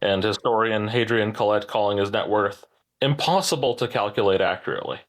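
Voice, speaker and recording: Man reading trivia questions, low voice. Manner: measured, deliberate question reading with dry asides. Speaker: trivia quiz host.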